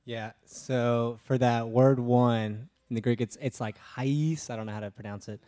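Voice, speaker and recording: A man's voice: medium pitch, fairly even intonation, a little slow, mellow. A man hesitantly explaining a word's meaning to a congregation, with frequent ums.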